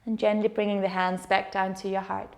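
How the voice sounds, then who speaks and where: A woman yoga teacher leading a guided meditation with slow, soothing, gentle instructions. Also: medium pitch, flat delivery.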